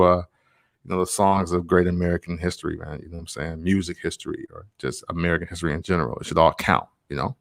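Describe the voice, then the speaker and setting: A low-pitched man in his thirties muses aloud in a relaxed, wandering monologue. He speaks loosely with plenty of slang fillers, like a podcaster thinking out loud. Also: fast, vocal fry. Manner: rambling, loose, full of slang asides. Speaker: songwriter and podcaster. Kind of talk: reflective casual monologue.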